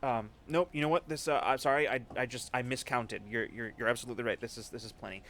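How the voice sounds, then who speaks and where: A man's voice: medium pitch, quick pace, a bit bright, lightly acted. A man doing a jittery, stammering delivery driver. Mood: nervous. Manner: stammering, apologetic. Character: nervous male delivery driver, easily cowed.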